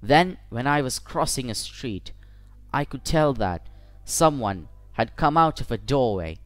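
A man narrating a first-person short story for English learners in a measured, deliberate way. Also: mid-range voice, lively intonation, dry recording. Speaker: audiobook narrator.

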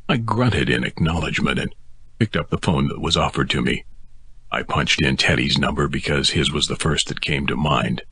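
A man narrating a first-person novel as an audiobook, in a gruff, weary telling. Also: very deep voice, normal speed, bright, forceful tone, dry recording.

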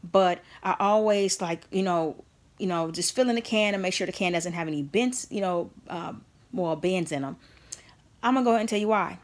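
A woman vlogger talking straight to the camera, telling a personal story in an earnest and emphatic way. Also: fairly low pitch.

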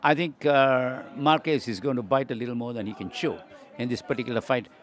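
A man who works as a boxing journalist, giving a measured, analytical prediction in an interview. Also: mid-range voice. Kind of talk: interview answer.

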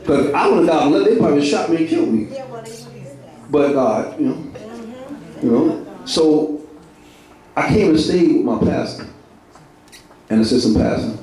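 A middle-aged man gives a raw, repetitive testimony from the pulpit, mixing street talk with church phrases. His voice sits somewhat high and carries from a distance, swallowed by the long echo of a large church hall. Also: lively intonation, measured pace, long pauses, mellow. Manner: repetitive, heartfelt, street slang, laughing through it. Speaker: church minister giving a testimony. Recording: echoey hall from far off.

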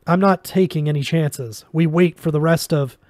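A man voicing a calm, calculating male alien businessman who speaks in a measured way. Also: fairly high pitch, no room sound, voice pushed up, close to an everyday voice. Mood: firm. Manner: measured and composed. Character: calm, cunning male alien arms dealer.

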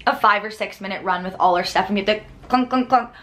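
A young woman tells a hectic travel story straight to the camera. She talks in a chatty, rambling way, filling her sentences with "like" and breaking into small laughs. Her voice sits at an ordinary middle pitch. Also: fast talker, fairly bright tone. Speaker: vlogger.

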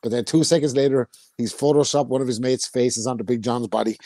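A man's voice: medium pitch, steady tone, fast talker, background noise. A man, co-hosting a boxing podcast and telling stories in a sweary, casual way. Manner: sweary storytelling. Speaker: podcast co-host.

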